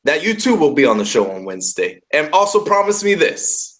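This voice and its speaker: A man's voice: fairly high pitch, big pitch swings, fairly quick, few pauses, fairly bright tone. A man hosting a wrestling radio show, bantering casually and trash-talking playfully, often repeating himself. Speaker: podcast host.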